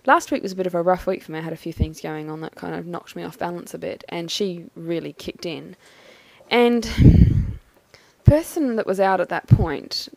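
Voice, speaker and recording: A woman talking through a personal experience in a thoughtful, halting, measured way. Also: on the low side, vocal fry, darkish tone. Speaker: vlogger. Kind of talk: personal reflective monologue.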